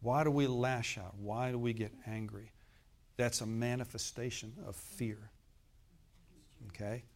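A pastor addresses his congregation in a folksy sermon, his medium-pitched voice steady in tone and measured in pace, with frequent pauses. He still swings from loud, emphatic bursts to soft murmured asides.

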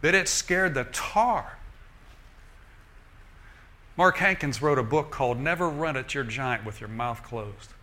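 Lively male preacher, folksy, joking, bright tone. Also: medium pitch, a little slow, long pauses. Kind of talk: sermon.

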